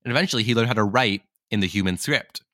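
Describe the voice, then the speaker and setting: Brief: storytelling podcast co-host, bright and crisp, dry close sound. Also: male voice, lowish voice, fast, no room sound. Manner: rambling, self-correcting. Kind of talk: casual storytelling.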